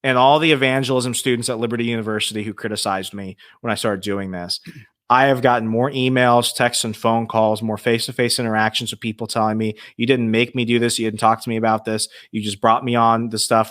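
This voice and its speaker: Speaking quickly with a lowish voice, a man shares ghost stories on a podcast in a dry, studio-quality recording. The telling is casual, profane and lively, complete with acted-out quotes.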